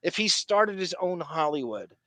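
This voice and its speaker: A male podcast host talking in a rambling, profane, excitable way. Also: on the high side, normal speed, no echo. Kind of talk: casual podcast chat.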